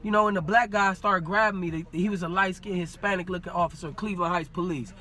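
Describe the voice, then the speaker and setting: Animated high-voiced man telling a story. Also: quick pace. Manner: animated, acts out quoted dialogue, street slang. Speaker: podcast guest. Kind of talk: casual storytelling.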